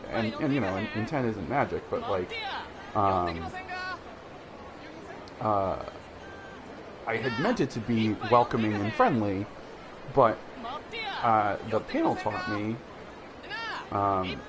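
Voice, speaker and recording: A man's voice: lowish voice, gravelly. A man streaming a game alone, chatting to his viewers in a rambling, hesitant way full of restarts and fillers. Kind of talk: casual solo stream chat. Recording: game music and crowd noise behind.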